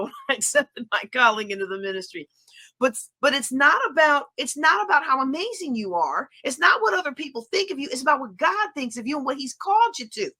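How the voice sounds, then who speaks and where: Bright, emphatic woman teaching Bible lessons. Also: high-pitched. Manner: emphatic, repeats phrases for stress. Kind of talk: faith-based teaching talk.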